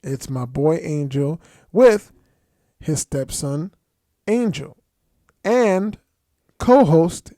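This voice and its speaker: A man with a New Jersey accent co-hosting a podcast in relaxed, slangy chat. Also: on the high side, very slow, pauses often, no echo, studio quality. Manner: laid-back, slangy and chatty. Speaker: podcast co-host. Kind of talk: casual chat.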